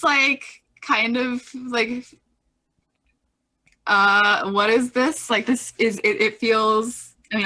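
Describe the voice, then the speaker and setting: A woman's voice: mid-range voice, sharp tone. A woman playing in a tabletop game, hesitant and thinking aloud. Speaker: player. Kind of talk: tabletop role-play.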